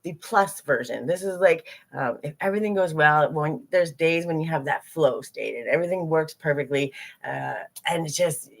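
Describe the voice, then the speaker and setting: A woman teaching a live group in a lively, candid way, acting out her own inner voices. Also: low voice, normal speed, gravelly. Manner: animated, acts out inner voices.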